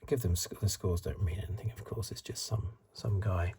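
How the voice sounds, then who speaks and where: A middle-aged man hosting a soft-spoken ASMR card review, rambling in asides and drifting into whispers, recorded close to the mic. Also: sits low, steady tone, fairly quick, breathy edge. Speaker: ASMR channel host.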